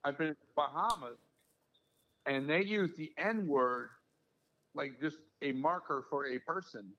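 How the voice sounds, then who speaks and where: A man as a podcast guest, chatting casually and sharing stories in a relaxed way. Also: on the high side, a little slow, muffled recording. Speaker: podcast guest, business owner. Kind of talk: casual chat.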